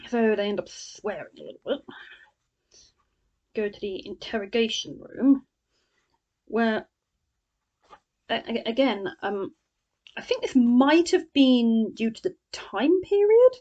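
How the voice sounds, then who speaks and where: A woman's voice: on the high side, expressive, slow, pauses often, darkish tone, highs cut off. Woman ranting about a bad book, sarcastic, voice goes up and down a lot. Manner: sarcastic, chatty, scornful asides. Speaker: book reviewer. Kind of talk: casual spoken book review.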